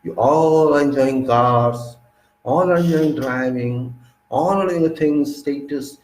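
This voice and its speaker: A man with an Indian English accent delivering a preachy lecturing monologue, full of rhetorical questions and sudden emphatic jumps in pitch. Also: a little mellow, reverberant, rough recording. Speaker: speaker of a commentary channel.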